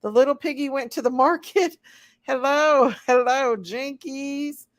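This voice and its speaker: A woman's voice: high-pitched, normal speed, no room sound, studio quality. A woman hosting a casual late-night live chat, greeting viewers one by one and laughing often. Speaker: livestream host.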